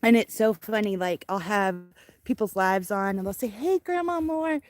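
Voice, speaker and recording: This livestream host is an older woman outdoors in snowy weather, chatting casually while she dotes on her grandchild and laughs frequently. Her mid-range voice keeps a fairly even intonation at a moderate pace, captured by a phone held in her hand.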